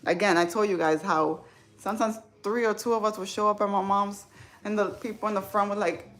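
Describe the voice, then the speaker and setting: A woman's voice: mid-range voice, steady tone, fairly quick, fairly bright tone. A woman hosting a casual live stream, talking with viewers in an informal, emotional, chatty way. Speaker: livestream host.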